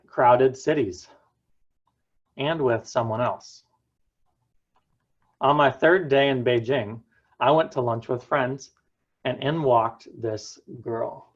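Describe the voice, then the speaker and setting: A young man tells a personal story in an earnest, unhurried voice, leaning into dramatic pauses. His pitch sits in an ordinary middle range. The sound is a little dull and lo-fi. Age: young adult. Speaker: student speaker. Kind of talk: prepared personal talk.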